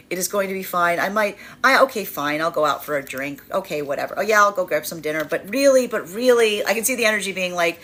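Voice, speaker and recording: A woman's voice: mid-range voice, fast talker, fairly bright tone. A woman giving a live tarot reading who talks animatedly, full of fillers and laughs, and acts out the voices of the energies she describes. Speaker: tarot reader.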